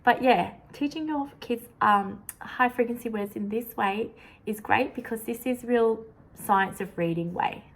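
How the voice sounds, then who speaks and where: A young woman, a teacher showing how she teaches a lesson, with a clear, sing-song classroom voice that sounds out words slowly. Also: fairly high pitch, poor audio.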